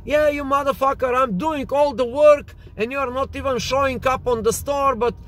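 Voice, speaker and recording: A man acting out a furious male business partner who is loudly accusing the other. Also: very high voice, fairly even intonation, normal speed, slight background noise, pitched above the performer's own voice. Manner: loud and accusing.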